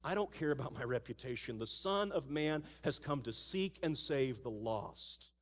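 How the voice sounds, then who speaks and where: A man voicing Jesus in a sermon, speaking slowly and earnestly. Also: medium pitch, pitched below the performer's own voice, lightly acted. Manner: slow, hushed and earnest. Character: calm, solemn male Jesus speaking. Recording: church hall with long reverb.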